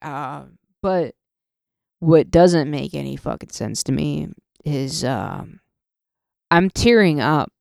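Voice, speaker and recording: Woman, podcast host, solo rant, profane, halting restarts, gravelly fry, dry studio sound. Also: sits low, animated, darkish tone, no room sound.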